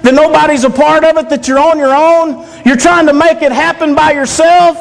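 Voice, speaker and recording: A man's voice: very high voice, vocal fry. A man preaching a sermon in an earnest, repetitive way, asking the congregation question after question. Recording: long reverb of a large hall.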